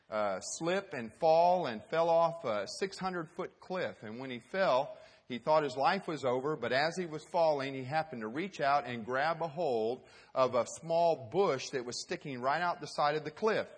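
A man's voice: a little high, slightly rough. A man giving a sermon as pastor, telling a story emphatically with some hesitant fillers.

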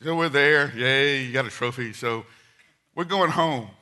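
This sermon is delivered by a middle-aged man of medium pitch, who weaves in stories. His delivery shifts from fast, loud asides to quiet, unhurried lines.

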